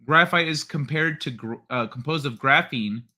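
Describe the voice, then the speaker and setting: A man's voice: on the high side, moderate pace, pushed and bright. A man hosting a livestream, chatting casually, swearing and stumbling as he reads news aloud. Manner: swears, stumbles over read text. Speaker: livestream host.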